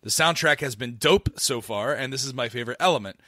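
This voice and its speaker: A man's voice: medium pitch, fairly quick, bright, forceful tone, no echo, studio quality. A man from Florida co-hosting a podcast, chatting loosely with lots of fillers and restarts. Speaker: podcast co-host. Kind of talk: casual podcast chat.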